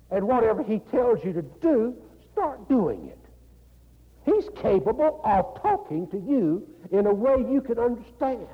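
This sermon comes from a gravelly-voiced North Carolina pastor whose pitch moves a lot. Laughing and saying "you know" again and again, he preaches in a folksy, animated way, recorded lo-fi and dull in an echoing hall.

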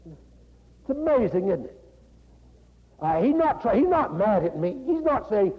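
Older male pastor, North Carolina accent, folksy sermon style; high, lively pitch, raspy gravel, lo-fi hall sound. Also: measured pace, long pauses. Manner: folksy, laughing, animated preaching with repeated "you know". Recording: dull lo-fi recording in a reverberant hall.

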